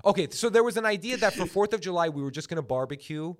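A man's voice: sits high, animated, very fast. A man hosting a comedy podcast, rambling and joking, dropping into goofy put-on voices. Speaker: podcast host. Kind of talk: comedic casual chat. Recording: loud music bed behind the voice.

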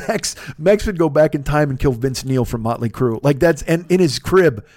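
A man's voice: on the high side, lively intonation, moderate pace, darkish tone, no room sound, clean studio sound. A man hosting a podcast, telling a story in a casual monologue, swearing a lot and sounding exasperated. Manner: profane, exasperated ranting. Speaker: podcast host.

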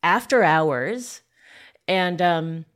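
A woman with a notably deep voice talks casually in an interview. She reminisces fondly and keeps reaching for filler words as she goes. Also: lively intonation, extremely slow, clean tone. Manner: warm reminiscing, filler-heavy.

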